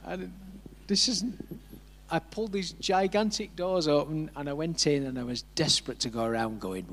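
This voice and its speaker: A man's voice: fairly high pitch, measured pace, pauses often, a bit bright. A man preaching a sermon, telling a personal story, acting out the voices he quotes and chuckling along.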